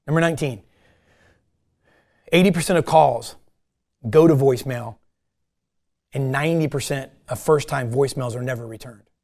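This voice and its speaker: A man leading a casual sales meeting, coaching his team in an animated way and acting out short phone calls. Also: medium pitch, normal speed, creaky, long pauses.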